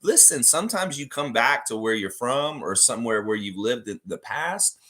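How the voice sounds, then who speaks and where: A man hosting a casual livestream chat, rambling in a relaxed way and reading viewer comments aloud. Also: medium pitch, normal speed. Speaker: livestream host.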